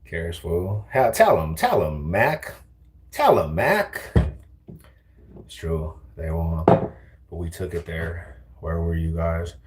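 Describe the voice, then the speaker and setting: A man's voice: low voice, expressive, takes it slowly, pauses often, a little hiss or hum. A young man trash-talking viewers on a casual livestream from a car, taunting and slangy.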